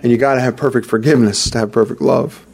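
A man's voice: medium pitch, fast, gravelly, darkish tone. A man preaching a sermon in an earnest, conversational way, repeating himself for emphasis.

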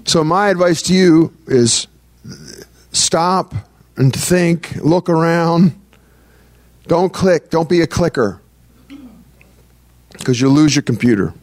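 A man's voice: a little high, takes it slowly, long pauses, a little mellow, no room sound. A man preaching a conversational sermon as pastor. He speaks earnestly and breaks into prayer as he teaches. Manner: earnest, prays aloud mid-talk.

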